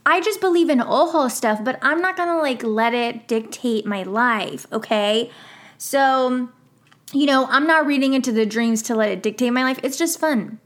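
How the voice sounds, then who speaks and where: A young woman in her twenties hosts a casual solo podcast, her voice sitting slightly high. She rambles through stories with frequent laughs and acts out the people she quotes. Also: normal speed. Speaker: podcast host.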